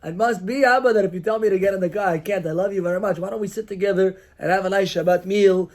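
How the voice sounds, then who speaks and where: A man with a high-pitched voice gives a Torah class as a rabbi. He teaches with animation, acting out quoted lines, asking the listeners questions and weaving Hebrew terms into his English. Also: quick pace, darkish tone. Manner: mixes Hebrew and Yiddish-style terms into English.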